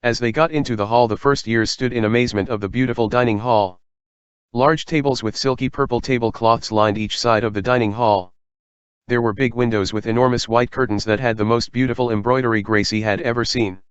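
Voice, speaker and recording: A man narrating an audiobook in a steady, even reading manner. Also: mid-range voice, a little fast, clear, resonant tone, dry recording, lo-fi sound.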